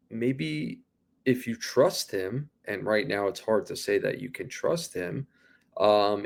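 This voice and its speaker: A man's voice: lowish voice, creaky. A man co-hosting a sports podcast, rambling with lots of restarts and casual swearing. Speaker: podcast co-host.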